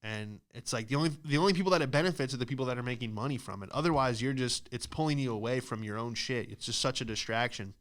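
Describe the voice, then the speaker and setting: A man's voice: mid-range voice, fast, few pauses, a bit bright. A man, a stand-up comedian hosting a podcast, ranting casually with a lot of swearing and "dude" and "like".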